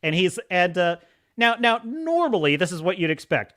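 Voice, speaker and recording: Male podcast host, casual commentary, high-pitched with a bright edge, sarcastic and exasperated. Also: big pitch swings, normal speed. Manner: acts out quoted dialogue in put-on voices. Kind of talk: casual commentary recapping a show.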